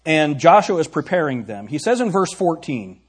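Brief: male pastor, slightly high husky voice, chatty sermon with questions to the pews. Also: big pitch swings, moderate pace. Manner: conversational, asks the congregation questions. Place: church sanctuary.

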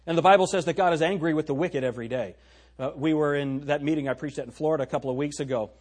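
A man preaching a sermon, emphatic and folksy, who slows down to stress key words and talks straight to his congregation. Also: a little high, a little mellow. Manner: folksy, addresses the congregation directly.

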